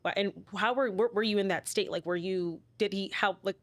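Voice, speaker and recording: A woman interviews her guest on a podcast, mid-pitched and attentive. She backs the guest with quiet "mm-hmm"s and follows up with gentle, probing questions. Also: brisk. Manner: attentive, frequent soft affirmations and probing questions. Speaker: podcast host.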